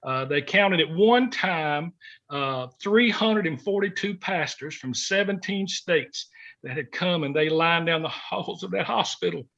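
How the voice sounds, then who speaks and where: A man's voice: fairly high pitch, measured pace, vocal fry, fairly bright tone. A middle-aged man telling a heartfelt story in an interview, folksy and sometimes choked up. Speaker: guest, former gospel singer. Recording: dull lo-fi recording.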